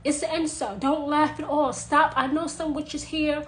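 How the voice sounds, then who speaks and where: A woman with a high voice speaks insistently, driving each point home by saying it again and again. Her emphatic monologue comes over a faint hiss of background noise. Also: normal speed, low-quality recording. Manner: insistent, repeating phrases for emphasis. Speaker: witch sharing advice.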